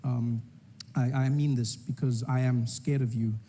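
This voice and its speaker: A man's voice: medium pitch, fairly even intonation, unhurried, heavy background noise. A man performing a stand-up comedy routine on stage, riffing playfully with the crowd.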